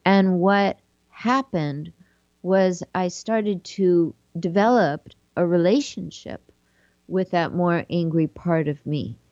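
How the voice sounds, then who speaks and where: A woman with a lowish, mellow voice reads from a book and adds her own gentle reflections, taking her time over every phrase. The recording is dry and a little dull and lo-fi. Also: slow, dry recording. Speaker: podcast host. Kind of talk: reading aloud with reflective commentary.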